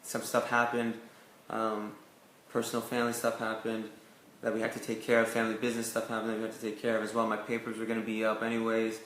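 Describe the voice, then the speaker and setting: A man's voice: on the low side, monotone, fast, a bit bright, roomy sound, a little hiss or hum. A young man from Canada, an actor telling his career story in a casual interview, full of "like" and "you know". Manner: chatty, lots of "like" and "you know" fillers. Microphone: video call.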